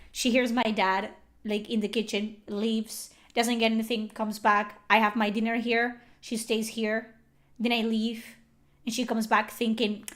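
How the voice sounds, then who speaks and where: A young woman chatting casually on a livestream, animated and swearing often, with lots of "like" fillers. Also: on the high side. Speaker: streamer.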